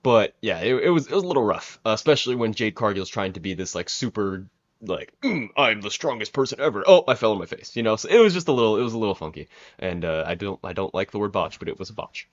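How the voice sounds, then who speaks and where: A young man with a fairly low voice chats through a casual review, rambling and restarting his sentences as he goes. The recording sounds a little dull and lo-fi. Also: expressive, fast. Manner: rambling, many fillers and restarts. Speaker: wrestling reviewer.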